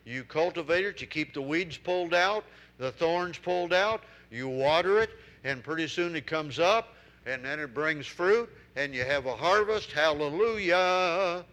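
A man's voice: on the high side, expressive, normal speed, fairly bright tone. A male preacher delivering a sermon to a congregation, exhorting with emphatic repetition. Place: room with congregation.

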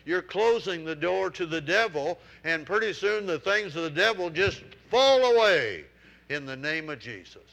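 A man's voice: fairly high pitch, expressive, moderate pace, a bit bright. A male preacher delivering a sermon to a congregation, exhorting with emphatic repetition. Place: room with congregation.

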